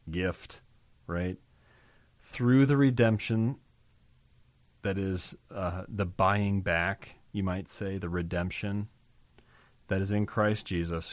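A man's voice: deep voice, no room sound. A man hosting a podcast, teaching through a Bible passage by reading verses aloud and explaining them phrase by phrase, repeating key terms for emphasis. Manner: reads scripture aloud, then unpacks it word by word.

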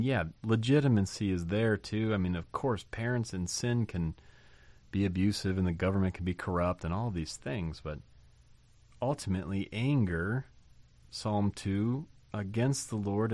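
A man's voice: on the low side, normal speed, a little mellow, no room sound. A man preaching a sermon, emphatic and full of rhetorical questions, with sudden rising bursts. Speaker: pastor.

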